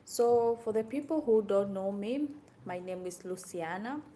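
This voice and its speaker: A young woman from Kenya chatting to camera in a casual vlog, animated and exclaiming often. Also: medium pitch, unhurried, slight background noise. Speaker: vlogger.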